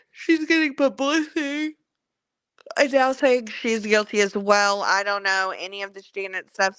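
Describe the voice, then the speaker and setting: Slow-talking woman, chatty. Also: mid-range voice, a bit bright, clear, resonant tone, dry recording. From Kentucky. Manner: chatty, rambling, swears casually. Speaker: livestream host. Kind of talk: casual gossip livestream.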